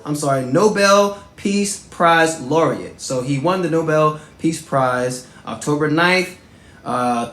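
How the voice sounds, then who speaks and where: A man in his thirties hosting and telling personal stories in a casual, animated way, with lots of shout-outs and fillers. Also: fairly high pitch, echoey room. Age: 30s. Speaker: host.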